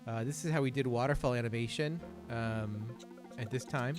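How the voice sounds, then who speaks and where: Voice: mid-range voice, moderate pace, music in the background. A let's play host giving casual gameplay commentary in a rambling, hesitant way, swearing now and then.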